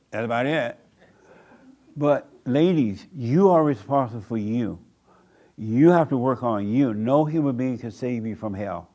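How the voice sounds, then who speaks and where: Man, pastor, blunt repetitive sermon, church room, plain pitch. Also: darkish tone. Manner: blunt, repetitive preaching with rhetorical questions.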